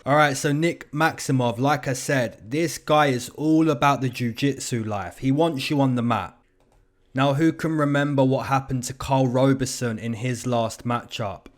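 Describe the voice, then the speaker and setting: A man's voice: medium pitch, normal speed. A young man hosting his own show, giving casual, slangy fight predictions and betting numbers. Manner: chatty, slangy, hedging with "you know" and "man". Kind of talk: casual commentary.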